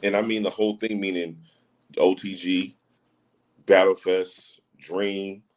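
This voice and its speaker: A man's voice: low voice, level tone, unhurried, darkish tone, rough recording. A man talking as a podcast guest in casual chat, emphatic and repetitive, often asking if you get what he's saying. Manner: emphatic, repeats phrases, often asks "you know what I'm saying".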